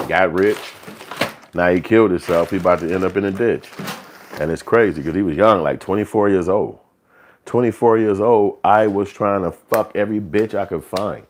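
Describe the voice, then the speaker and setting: A man's voice: sits low, a little hiss or hum. A man hosting a live stream, talking in a loose, profane, streetwise monologue. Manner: profane, streetwise, slips into acted quotes. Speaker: livestream show host. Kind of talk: casual rambling monologue.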